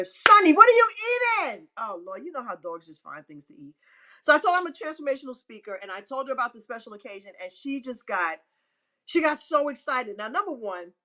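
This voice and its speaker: A woman speaking as an inspirational speaker in a faith-filled motivational talk, emphatic and repeating phrases for effect. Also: a bit bright. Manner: acts out quotes with pitch swings.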